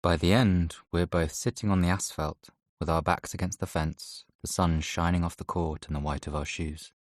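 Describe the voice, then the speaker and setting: A man narrates a first-person audiobook softly and reflectively. His voice sits low, and the close studio recording is dry with no room sound. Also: fairly even intonation, moderate pace, no echo. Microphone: close studio mic.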